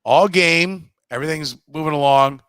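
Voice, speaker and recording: A man's voice: fairly high pitch, moderate pace, a bit bright, clear, resonant tone, no echo. A man co-hosting a casual sports podcast, blunt and profane, mocking others in put-on voices. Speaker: podcast co-host.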